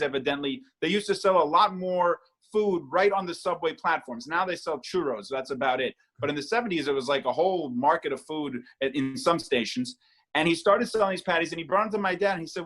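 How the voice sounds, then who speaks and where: A man's voice: high-pitched, fairly bright tone. A man who is a guest artist, answering interview questions in an earnest storytelling way.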